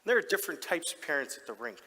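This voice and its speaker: An actor playing a doting, proud middle-aged hockey dad in a theatrical stage monologue, telling his story in an animated, heartfelt way with sudden soft drops. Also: fairly high pitch, very fast, full character voice. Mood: storytelling. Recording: long theatre hall reverb.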